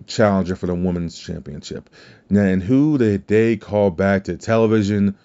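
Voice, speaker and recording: A man with a Southern US drawl hosts a solo podcast in a low, mellow voice. He rambles casually and corrects himself as he goes. The audio is dull and lo-fi. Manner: rambling and conversational, with fillers and self-corrections. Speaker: podcast host.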